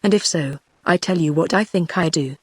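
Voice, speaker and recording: A synthetic woman's voice reading a sharp-tongued young dollmaker. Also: lowish voice, moderate pace, husky, dry recording. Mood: fierce. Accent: British English. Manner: even synthetic reading of quoted lines.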